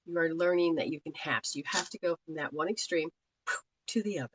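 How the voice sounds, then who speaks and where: A woman's voice: low-pitched, fast talker, slight background noise, rough recording. A woman from Australia giving live spiritual readings in a chatty, rambling way, laughing often. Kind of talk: live-stream talk.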